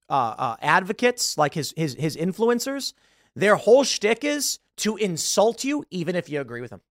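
Brief: male podcast host in his 30s, lively pitch, dry close sound, animated ranting commentary. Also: no room sound. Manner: animated, ranting, mocking put-on voices. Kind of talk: political commentary rant.

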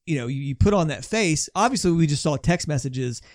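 A man in his forties co-hosts a casual podcast, his voice sitting slightly high for a man. He talks in an animated, opinionated way and restarts his sentences often. The close mic gives a dry, roomless sound. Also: brisk, no echo. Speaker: podcast co-host.

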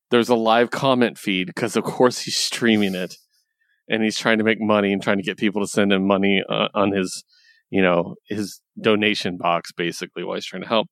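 A man's voice: on the low side, a bit bright, no room sound, clean studio sound. A young man in casual chat, retelling a comic book story with lots of laughs and casual swearing. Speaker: podcast co-host reviewing comics.

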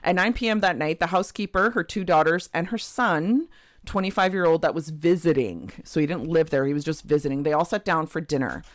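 A woman's voice: sits low, fairly quick, no room sound, studio quality. A woman co-hosting a podcast, telling a true crime case in a casual way with frequent laughs and chatty asides. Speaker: podcast co-host.

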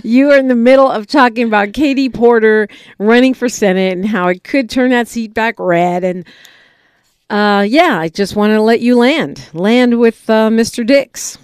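A woman hosting a talk radio show in a studio, brisk and steering the conversation. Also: a little high, darkish tone, clear, resonant tone, dry recording.

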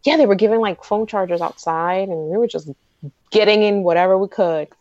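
A woman co-hosting a casual fan podcast, rambling and excitable, with lots of likes. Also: medium pitch, brisk, no room sound, dull audio.

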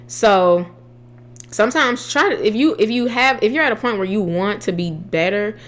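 A woman's voice: mid-range voice, animated, normal speed. An earnest young woman talks about faith in a loose, conversational way. She often restarts her sentences and drops into casual slang as she builds her point.

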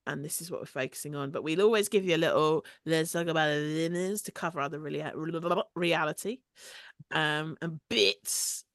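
A woman's voice: sits low, moderate pace, a bit bright, dry recording, studio quality. A woman co-hosting a podcast in casual, chatty talk with fillers and laughs. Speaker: podcast co-host.

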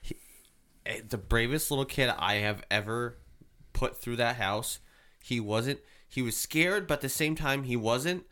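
A man in casual chat, telling animated stories about scaring guests in a haunted house, with sudden yelps and laughs. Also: medium pitch, unhurried. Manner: animated, loud yelps when acting out scares, laughing often. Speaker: haunted house scare actor.

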